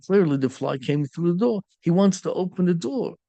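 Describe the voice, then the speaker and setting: A man, a rabbi, telling a story in a sermon, lively and full of Yiddish and Hebrew words. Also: high voice, moderate pace, gravelly, no echo.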